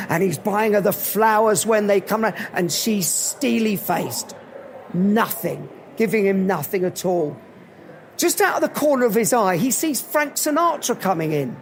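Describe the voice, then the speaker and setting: A man giving a live motivational talk at an event, telling animated anecdotes. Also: high-pitched, a little hiss or hum. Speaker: motivational speaker.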